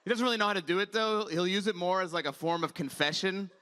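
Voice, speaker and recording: A male comedian in his thirties working a conference crowd in a chatty, wry stand-up style. His voice sits high and bright, and it cuts cleanly through a handheld stage mic. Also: fast.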